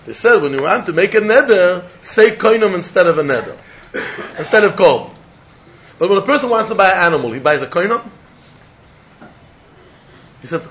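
Animated high-voiced man giving a Talmud lecture. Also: moderate pace, long pauses, a little hiss or hum. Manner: animated, mixes English with Yiddish and Hebrew terms; laughs often while explaining. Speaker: Talmud teacher. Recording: dull lo-fi recording.

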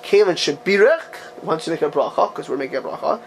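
A man with a high voice for his sex leads a text-study class. He reads passages aloud and keeps asking the students rhetorical questions with lively energy. Faint room sound sits under his voice. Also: fairly quick, gravelly, a little hiss or hum. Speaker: teacher of a religious text class.

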